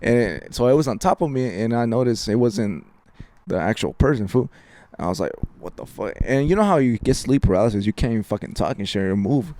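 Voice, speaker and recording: A man's voice: medium pitch, animated, a little fast, mellow. A young man casually telling a spooky story on a podcast, slangy and profane, tossing in "fool" every few words. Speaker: podcast co-host.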